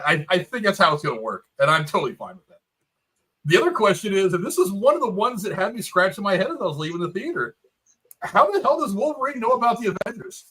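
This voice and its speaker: Guy hosting a movie review podcast, bright punchy voice, kinda high. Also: poor audio. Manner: animated, swearing, theorizing. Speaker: podcast host. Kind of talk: casual movie review chat.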